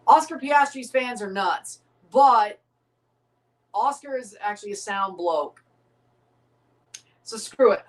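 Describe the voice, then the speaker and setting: A woman's voice: fairly high pitch, lively intonation, slow pace, pauses often, distant mic, low-quality recording. Streamer host, woman, loose joking match chatter, set back from the mic. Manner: rambling, joking, reads out chat. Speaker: livestream host. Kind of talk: casual watchalong commentary.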